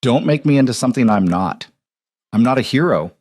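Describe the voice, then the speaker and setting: A man voicing a dangerous, guarded young mafia boss with a low, restrained, confessional delivery. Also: expressive, a little fast, darkish tone, no echo, studio quality, natural voice.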